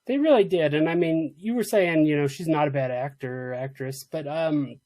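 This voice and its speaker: A man's voice: a little high, normal speed, a little mellow. A man co-hosting a movie podcast in casual chat, agreeing easily and laughing often. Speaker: podcast co-host.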